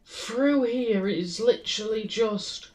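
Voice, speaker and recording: Woman, fairly high voice, frustrated muttering, swearing, gameplay stream. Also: takes it slowly, a little mellow, far from the mic. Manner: frustrated, swearing, talking to herself. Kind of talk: live gameplay commentary.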